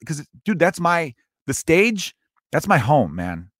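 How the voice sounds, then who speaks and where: A man who is a stand-up comedian, telling a story in a casual, profane, animated way and acting out the quotes. He speaks as someone grieving. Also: fairly high pitch, slow pace, no room sound, studio quality.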